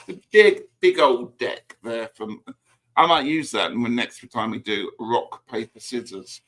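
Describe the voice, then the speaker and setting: A man's voice: medium pitch, unhurried, fairly bright tone. A man chatting playfully as co-host on a livestream, giggly and showing cards on a video call. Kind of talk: casual livestream chat.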